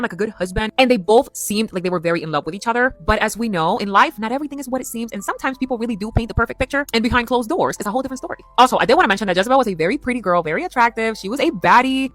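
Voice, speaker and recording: A young woman narrating a storytime vlog at a breakneck pace, with a bright, forceful tone and emphatic, chatty delivery. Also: mid-range voice, no room sound.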